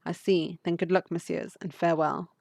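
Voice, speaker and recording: A woman's voice: on the low side, level tone, normal speed, gravelly, a little mellow, dry recording. A woman reading the lines of a cautious young female bird from a game, with brief, concerned warnings.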